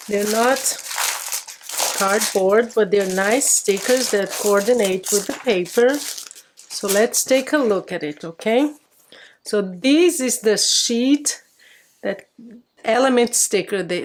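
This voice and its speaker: Woman host for a craft unboxing, slow and fond, chatty, faint background hiss. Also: medium pitch. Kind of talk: casual unboxing commentary.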